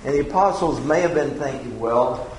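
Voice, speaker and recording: Brief: male Bible teacher, conversational and animated, somewhat high voice. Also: a little slow, slight background noise. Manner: conversational, with lively retelling. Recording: echoey room.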